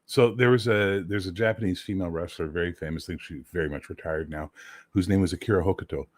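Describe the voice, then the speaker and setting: A man chatting casually on a livestream, telling animated stories, swearing freely and mimicking other voices. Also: deep voice, fast, no echo, studio quality. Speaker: livestream co-host. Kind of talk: casual chat.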